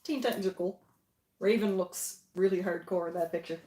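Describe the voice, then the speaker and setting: A woman hosting a casual unboxing livestream at home, upbeat and quick to laugh. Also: on the low side, warm tone. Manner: giggly, upbeat. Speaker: livestream host. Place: home basement. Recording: echoey room.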